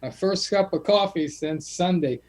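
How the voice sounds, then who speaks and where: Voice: mid-range voice, normal speed, a little mellow. A caller from Texas on a video call, speaking plainly and bluntly in casual chat.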